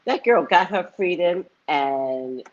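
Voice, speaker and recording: A woman's voice: fairly low pitch, animated, takes it slowly, slight background noise. A woman live-streaming as a psychic reader, chatting casually and telling a story, laughing often and acting out the people she quotes. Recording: dull lo-fi stream audio.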